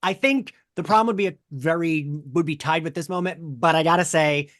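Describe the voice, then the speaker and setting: A man who is a podcast guest, chatting in an excitable, rambling way and often interrupting himself. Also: on the high side, brisk. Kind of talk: casual podcast chat.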